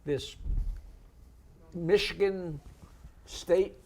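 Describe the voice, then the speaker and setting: Brief: podcast co-host, chatty man, slightly high voice, quick questions. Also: gravelly, darkish tone. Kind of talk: casual chat.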